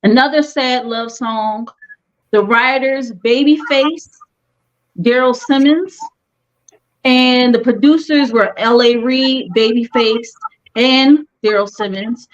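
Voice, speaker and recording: A woman's voice: a little high, slow pace, lo-fi sound. A woman chatting casually as a guest reviewer, playful and enthusiastic, laughing often. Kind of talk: casual music review chat.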